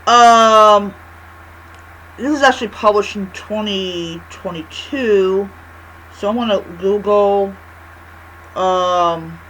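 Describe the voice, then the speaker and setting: A woman's voice: mid-range voice, slow pace, pauses often, fairly bright tone, slight background noise, low-quality recording. A woman giving a casual, rambling book review, chatty and full of restarts.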